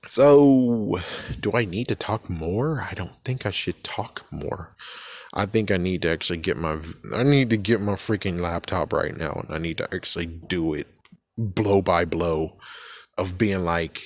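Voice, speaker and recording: A young man giving a casual, rambling fan reaction, excitable and swearing freely as he trails off and restarts. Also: deep voice, unhurried. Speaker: fan vlogger.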